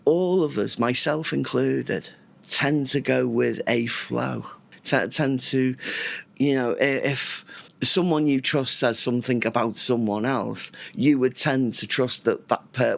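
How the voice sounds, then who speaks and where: A man's voice: medium pitch, takes it slowly, vocal fry. A man, talking casually to camera at home in a rambling, reflective way that often interrupts itself. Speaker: vlogger. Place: indoors at home.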